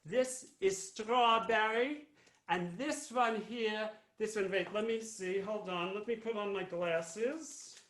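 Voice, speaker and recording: Guy doing a chatty old jewish granny telling her story real slow, roomy echo. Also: sits high, fairly bright tone. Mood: fussy chatty. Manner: fussy, rambling storyteller who repeats "believe you me". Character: elderly Jewish immigrant grandmother, fussy, chatty, sentimental. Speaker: cantor. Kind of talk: live character monologue.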